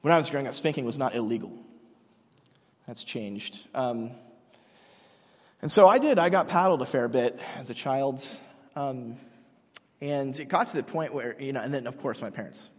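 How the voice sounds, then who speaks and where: Joking pastor, husky, in a big hall. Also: male voice, mid-range voice, normal speed, long pauses. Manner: casual, joking storytelling with many restarts. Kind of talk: sermon. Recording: long hall reverb.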